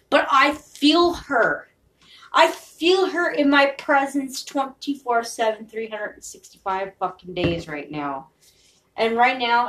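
A woman's voice: fairly high pitch, a bit bright, distant mic, poor audio. A woman podcaster in a rambling, profane, confessional monologue.

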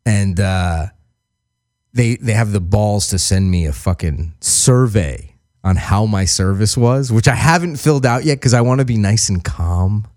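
Profane, animated male storyteller. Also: lowish voice, unhurried. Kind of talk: casual chat.

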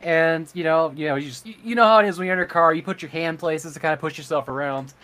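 A man with a fairly high voice that sounds bright and forceful. He talks in relaxed chat, earnest and rambling, and leans on fillers. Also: quick pace. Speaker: streamer and podcast co-host. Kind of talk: casual chat.

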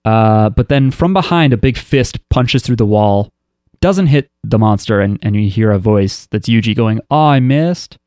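A man's voice: fairly low pitch, moderate pace, a little mellow, no room sound, clean studio sound. A man casually recapping an anime episode for a podcast, wry and loose, with lots of fillers and restarts. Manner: rambling, filler-heavy storytelling with frequent restarts. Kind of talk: casual chat.

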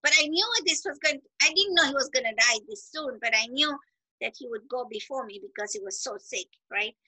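A middle-aged woman with a high, very bright voice who talks in an animated, motivational way. She is emphatic and acts out quoted lines. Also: a little fast, breathy edge, poor audio. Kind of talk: casual motivational chat.

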